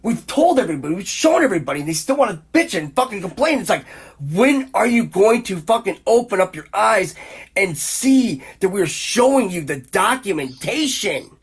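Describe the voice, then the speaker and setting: A man's voice: high voice, animated, moderate pace, husky. A man hosting a podcast, talking in a heated, profane, rambling rant full of restarts and repeated exclamations. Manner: repeats exclamations in rising bursts. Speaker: podcast host.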